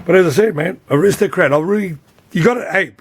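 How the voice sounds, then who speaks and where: A man's voice: sits high, fast talker, slight background noise. A man explaining a machine repair in a loose, rambling way, blunt and swearing freely, often asking "you know what I mean". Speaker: repair technician.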